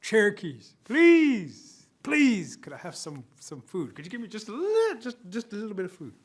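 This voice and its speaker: A man's voice: sits high, very animated, quick pace, a little mellow, slightly rough, full character voice. A man voicing a hungry, pleading trickster rabbit in a told story. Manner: whiny, pleading.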